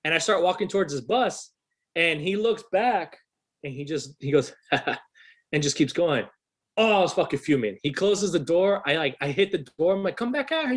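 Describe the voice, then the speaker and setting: A man in his thirties, a musician guest on a podcast, telling a story in a casual, swearing, animated way. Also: on the high side. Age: 30s. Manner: swears freely, animated retelling.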